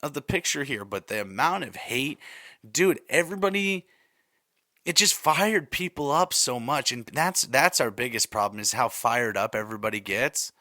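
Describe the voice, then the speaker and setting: A man's voice: medium pitch, animated, moderate pace, sharp tone, no room sound, studio quality. A young man hosting a solo podcast, rambling and exasperated as he rants. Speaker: podcast host.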